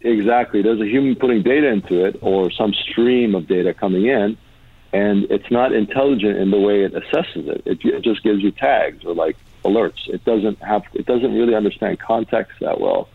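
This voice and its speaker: Husky low-voiced man on a tinny line. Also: normal speed, no echo. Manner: thoughtful, frequent "uh" and restarts. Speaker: tech start-up founder and CEO, podcast guest. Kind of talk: casual interview talk. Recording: dry, tinny phone-like line.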